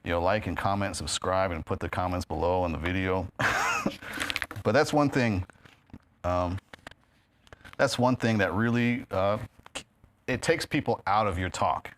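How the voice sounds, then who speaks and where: A man's voice: low voice, a little slow, pauses often, a little hiss or hum. A man from New York with a New York accent, giving a casual talk to a live audience at a meeting hall, chatty and full of fillers. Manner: chatty, many fillers, laughs at own jokes. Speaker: guest speaker. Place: meeting hall of a spiritist center. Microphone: handheld or stand microphone.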